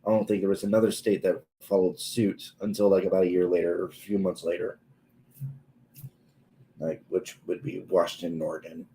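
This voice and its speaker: A man in his twenties telling a story on a casual livestream, halting and full of pauses and filler words. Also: low-pitched, little pitch movement, warm tone, slight background noise, poor audio. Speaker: streamer.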